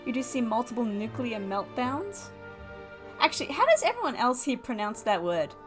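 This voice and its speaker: A woman's voice: a little high, sing-song, normal speed, music in the background. A young woman streaming as she draws, chatting casually with viewers and giggling often. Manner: chatty, giggly, talks to chat. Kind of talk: casual chat while drawing on stream.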